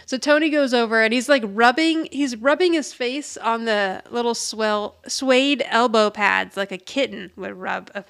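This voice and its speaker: A woman's voice: on the high side, measured pace, vocal fry, hardly any pauses, fairly bright tone. A woman co-hosting a podcast, casually recapping a TV episode and acting out the characters' lines, often laughing. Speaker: podcast co-host.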